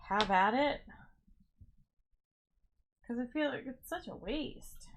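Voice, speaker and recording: A woman's voice: mid-range voice, slight background noise. A young woman streaming herself building a toy set, chatting casually and musing aloud as she drifts between topics. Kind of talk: casual chat while building.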